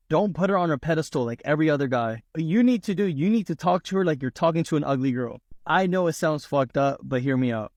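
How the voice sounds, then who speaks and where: A man's voice: fairly high pitch, no room sound, studio quality. Blunt man listing dating tips. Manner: blunt, lists numbered tips. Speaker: dating advice speaker. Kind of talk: casual advice to camera.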